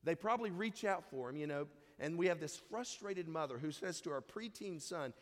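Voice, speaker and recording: A man's voice: fairly high pitch, expressive, normal speed, few pauses, big-room sound. A man preaching a sermon in a conversational way, reading scripture and briefly acting out the people in the story. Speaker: pastor.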